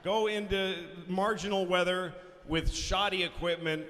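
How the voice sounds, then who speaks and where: Man, stand-up routine, high voice, long hall reverb, faint hiss. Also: measured pace. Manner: animated, profane storytelling, rising to shouts. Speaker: stand-up comedian. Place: live comedy stage.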